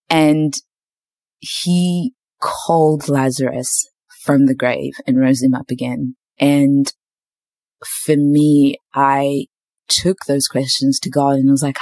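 Speaking slowly in a steady, mellow bass voice, a young woman hosting a podcast recounts a frank personal faith story. Her casual chat is full of ums and likes, and no room sound is audible.

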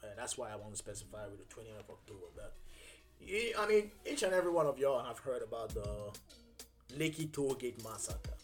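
Young male podcast host, mid-pitched, speaks earnestly with frequent pauses and restarts over faint background music. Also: lively intonation. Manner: earnest, halting, many fillers and restarts. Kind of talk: casual solo podcast monologue.

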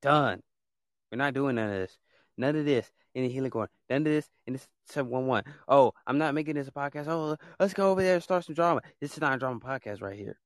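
A man's voice: mid-range voice, animated, fast talker, dry recording, clean studio sound. A man hosting his own podcast, delivering a blunt, fed-up rant full of repetition and casual slang. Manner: fed-up, blunt, repeats himself. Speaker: podcast host. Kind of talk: ranting monologue.

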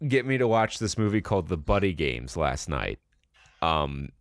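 A man's voice: low voice, big pitch swings, moderate pace, no room sound. A man co-hosting a podcast in casual chat, rambling and sarcastic, swearing freely. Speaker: podcast co-host.

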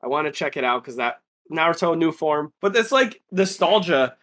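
A man's voice: on the high side, animated, normal speed, a bit bright. A man chatting casually about anime in a laid-back, rambling way, acting out what friends said.

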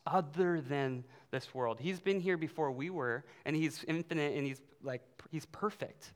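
A man's voice: fairly high pitch, fairly bright tone, smooth. A man preaching a sermon as youth pastor, in a casual, conversational way with fillers. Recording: long hall reverb.

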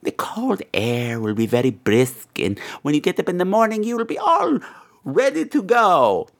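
A man hosting a comedy advice show as a crude, theatrical gargoyle, with wild pitch swings. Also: big pitch swings, normal speed, gravelly. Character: crude self-made gargoyle advice host. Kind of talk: comedy podcast advice segment.

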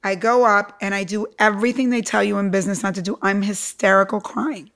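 A woman's voice: medium pitch, a little fast. A middle-aged woman from Cuba, an entrepreneur guest, telling her story with emphatic energy in a podcast interview. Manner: animated, emphatic, acts out quotes.

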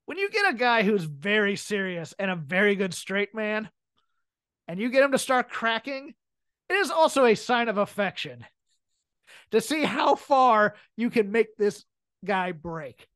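A woman's voice: mid-range voice, measured pace, pauses often, dry recording. Woman, podcast co-host, casual wrestling talk, laughs often, dry close sound. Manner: animated, laughs often, breaks scenes down. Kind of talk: casual wrestling commentary chat.

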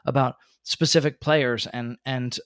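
Man, podcast co-host, mid pitch, chatty explainer, dry close sound. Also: fairly even intonation, measured pace, a bit bright, dry recording. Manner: chatty, explanatory, lots of fillers. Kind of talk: casual podcast chat.

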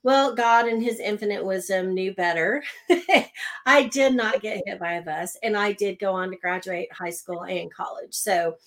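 A middle-aged woman from Oklahoma telling her personal story in conversation, animated and laughing between lines. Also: medium pitch, measured pace, poor audio.

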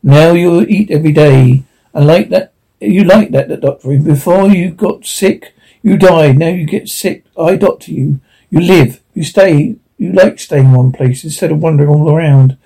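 A man's voice: fairly high pitch, moderate pace, mellow, slightly rough. A man voicing a curt, stern frontier planter. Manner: curt and commanding. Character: gruff human planter, hard and stubborn.

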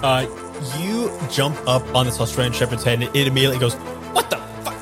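A man running a tabletop role-playing game, describing scenes in a casual, rambling way full of fillers. His voice sits at a middle pitch for a man. Music plays clearly behind him. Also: fast. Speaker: game master.

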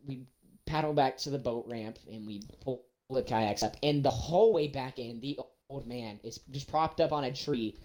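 A young man, casually telling a story and acting out every quote with big jumps in his voice. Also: moderate pace. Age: young adult. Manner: animated, acts out quotes with big pitch jumps.

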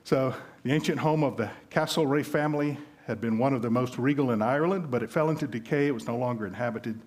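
A man's voice: mid-range voice, fast, darkish tone. A man with a Southern US accent preaching a sermon in a conversational way, telling illustrative stories. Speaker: pastor.

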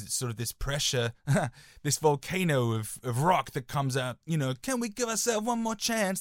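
A young man co-hosts a podcast in a mid-range voice, captured as a dry recording with clean studio sound. He chats casually, rambling through anecdotes and hedging often with "sort of."

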